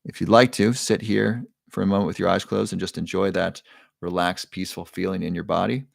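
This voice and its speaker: A man with a lowish, gravelly voice hosts a live online show, walking viewers through a breathing exercise. He talks in an upbeat, chatty way and keeps asking the audience to join in. The sound is dry and close. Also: little pitch movement, brisk, no echo. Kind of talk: live stream talk leading a breathing exercise.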